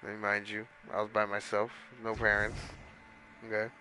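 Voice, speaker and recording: A man's voice: fairly low pitch, completely flat delivery, moderate pace, pushed and bright, slight background noise, poor audio. A man casually telling a long story while playing a video game, rambling with lots of swearing and fillers. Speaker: gaming streamer.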